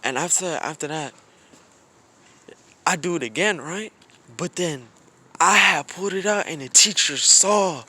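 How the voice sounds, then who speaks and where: A man's voice: on the high side, a little slow, long pauses, sharp tone, breathy edge. Slangy young man telling a story. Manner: slangy, rambling, frequent restarts. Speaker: vlogger. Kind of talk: casual storytime. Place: outdoors in snow.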